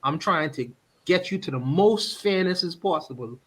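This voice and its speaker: A man with a somewhat high voice talks through a casual podcast discussion. He presses his point earnestly and laughs often between sentences. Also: expressive, moderate pace, fairly bright tone. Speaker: podcast host.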